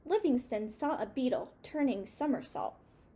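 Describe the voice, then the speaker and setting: A woman reading a children's picture book aloud, high-voiced and lively, who pauses to ask her listeners questions. She keeps an unhurried pace and lets her voice rise and fall with the story.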